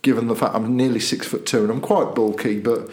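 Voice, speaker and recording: A man's voice: mid-range voice, fairly quick. A man hosts a local news podcast, telling stories at length. His voice sits mid-range, and he slips into other people's voices to act out the dialogue. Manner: animated storyteller, acts out voices in quotes. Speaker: newspaper editor and podcast host. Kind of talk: casual chat, anecdote telling.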